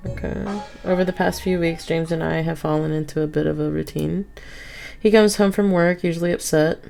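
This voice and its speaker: Low raspy-edged woman reading a game out loud on stream, music playing under her, keeps stopping to comment. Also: steady tone, a little fast. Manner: reads game text with asides and self-corrections. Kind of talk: reading a visual novel game aloud on stream.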